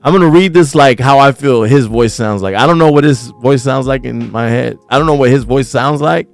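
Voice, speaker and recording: A man hosting a casual news commentary livestream, talking in profane, slangy rants that get animated when he is worked up. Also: medium pitch, a little fast, creaky, faint music behind. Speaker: host.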